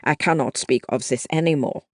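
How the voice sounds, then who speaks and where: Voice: brisk, no echo, clean studio sound, close to an everyday voice. A narrator voicing a wary sergeant. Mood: uneasy. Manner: cautious, lowered voice. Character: wounded adult male German sergeant, guarded. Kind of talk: audiobook narration.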